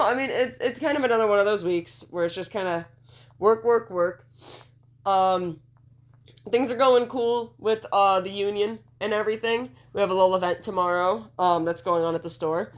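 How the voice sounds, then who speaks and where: A woman's voice: mid-range voice, normal speed. A woman co-hosting a podcast in casual chat, rambling and laughing, swearing freely, a little congested. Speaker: podcast co-host.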